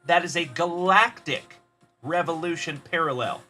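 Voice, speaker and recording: A man's voice: fairly high pitch, normal speed, music in the background. A man hosting a card-opening livestream, upbeat and friendly, greeting viewers by name as he goes. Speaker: host of a trading card break livestream. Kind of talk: livestream chat shout-outs.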